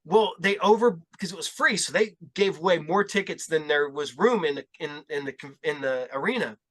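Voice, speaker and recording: A middle-aged man hosting a podcast, telling rambling, animated stories in casual chat and laughing along. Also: on the high side, normal speed. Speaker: podcast host.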